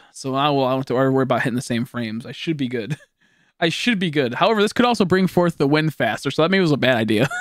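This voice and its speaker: A young man streaming a video game, chatting casually with viewers, excitable, profane and often laughing. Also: medium pitch, no echo, clean studio sound. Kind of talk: casual gameplay stream commentary.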